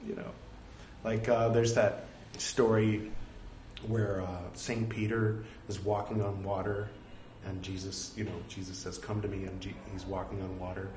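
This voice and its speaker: A man's voice: fairly low pitch, slight background noise. Man reciting scripture in an echoey room. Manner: reads out punctuation such as quote and three dots; casual asides full of fillers like "like" and "you know". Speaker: scripture reader. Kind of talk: reading aloud with casual commentary.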